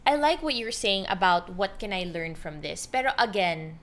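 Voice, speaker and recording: A woman with a Filipino accent hosting a podcast interview, lively and mixing English with Tagalog. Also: medium pitch, normal speed. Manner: animated, switching between English and Tagalog. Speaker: podcast host. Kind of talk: conversational interview.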